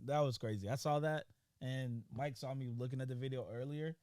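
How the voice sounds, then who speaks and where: A man's voice: medium pitch, steady tone, a little fast, darkish tone, dry recording. A man co-hosting a morning radio show, laid-back and arguing his point in casual banter in a studio.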